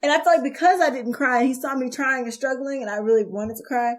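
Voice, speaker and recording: A woman's voice: sits high, fast. A young woman co-hosting a casual chat show, speeding up as she tells a story and quotes other people. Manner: speeds up when telling stories, quoting others. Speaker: co-host.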